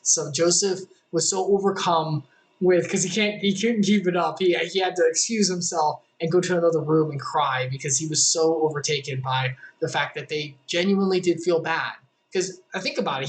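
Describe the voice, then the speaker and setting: A Bible study leader with a mid-pitched voice. The leader reads a passage of scripture aloud, then retells it in relaxed, conversational language with fillers and asides. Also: poor audio.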